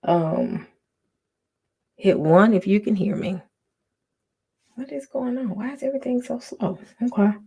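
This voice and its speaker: A woman hosting a casual livestream from home, talking softly with many ums and restarts. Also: mid-range voice, animated, a little slow, pauses often, slightly rough. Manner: soft, half-whispered talk with many ums and restarts. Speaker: livestream host.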